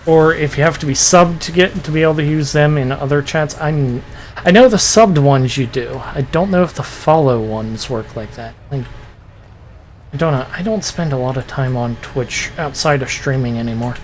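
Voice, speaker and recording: A man's voice: on the high side, normal speed, a little hiss or hum. A man chatting casually while streaming a video game, thinking aloud and restarting sentences. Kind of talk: casual gameplay commentary.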